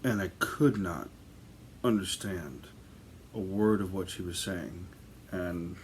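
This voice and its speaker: A man's voice: sits low, takes it slowly, a little hiss or hum. A man telling a ghost story from his own life in a casual, rambling way, full of ums and restarts. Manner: rambling, filler-heavy, conversational.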